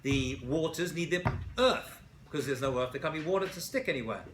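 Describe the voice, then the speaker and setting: Man, rabbi lecturing a class, bright tense voice, animated, faint room hum. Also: fairly high pitch, moderate pace. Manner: animated, asks students questions, frequent "right?".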